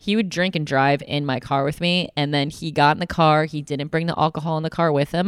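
A young woman with a low, smooth, clear voice tells a story on a casual podcast. She swears freely and slips into animated voices for the people she quotes. The sound is close and dry. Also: brisk, few pauses, no echo. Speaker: podcast co-host.

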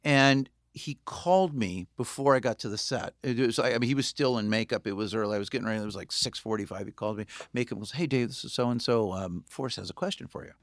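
A man's voice: mid-range voice, quick pace, few pauses, no room sound, studio quality. A man in casual chat, a film director telling stories animatedly, acting out phone calls and swearing freely.

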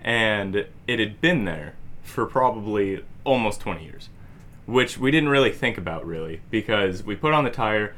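A man's voice: lowish voice, animated, moderate pace, a bit bright. A man co-hosting a podcast, telling a long story casually with lots of "like" fillers. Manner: rambling, heavy use of "like". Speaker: podcast co-host.

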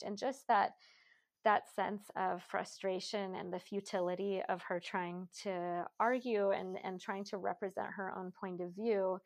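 A woman's voice: medium pitch, steady tone, unhurried, vocal fry. A woman in a casual book discussion, talking thoughtfully with many fillers and restarts.

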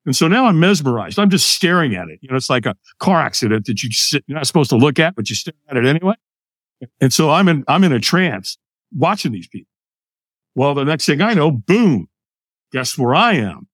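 Older man telling a lively story. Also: a little high, a little fast, no room sound, clean studio sound. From United States. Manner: lively, acts out other people's lines. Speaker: podcast guest. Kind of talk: animated personal storytelling.

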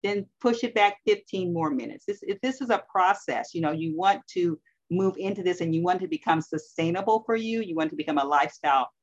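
A woman co-hosting a casual wellness chat, who affirms her partner warmly and talks with many "you know" fillers. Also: lowish voice, fairly quick, hardly any pauses. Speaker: podcast co-host. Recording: muffled lo-fi audio.

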